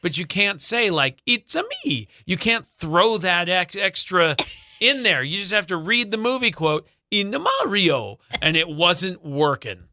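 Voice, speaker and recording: Bright-voiced man co-hosting morning radio. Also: sits high, a little slow, dry recording. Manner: animated, self-deprecating storytelling with fillers. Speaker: radio co-host. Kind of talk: casual morning radio chat. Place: radio studio. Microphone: studio microphone.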